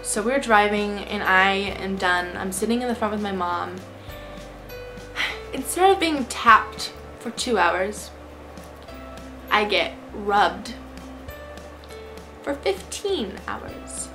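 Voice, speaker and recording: A young woman vlogger telling a storytime about a trip, in an animated, exasperated way. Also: mid-range voice, takes it slowly, music in the background. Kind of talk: storytime vlog.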